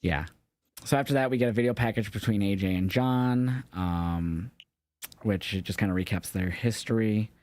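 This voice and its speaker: Young male co-host, low-pitched, dry sound; casual, rambling recap delivery that corrects itself. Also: normal speed, darkish tone, no echo. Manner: rambling, loose, swears casually, self-correcting. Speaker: podcast co-host. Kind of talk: casual wrestling recap chat.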